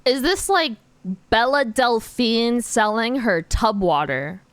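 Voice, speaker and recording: A woman's voice: fairly high pitch, expressive, takes it slowly, clean tone, dry recording. A woman streamer chatting casually with her viewers while drawing, giggling often and filling her talk with "like.". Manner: giggly, chatty, lots of "like" fillers; answers viewer chat questions.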